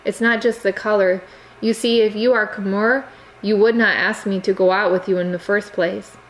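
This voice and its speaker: A woman voicing a reserved young Cambodian immigrant girl who speaks quietly in halting phrasing. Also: mid-range voice, steady tone, natural voice, rough recording. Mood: restrained. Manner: quiet, halting non-native phrasing, restrained.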